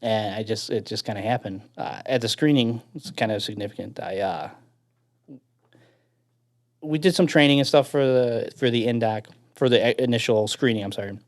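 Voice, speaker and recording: Chicago guy, mid-pitch, animated storyteller with lots of laughs and casual swearing. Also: moderate pace. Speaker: guest firefighter and veteran.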